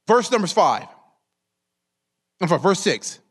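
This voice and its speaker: A man's voice: sits high, lively intonation, moderate pace, long pauses, a bit bright. A man preaching a sermon as pastor, calling his congregation saints and drawing them in with call-and-response questions.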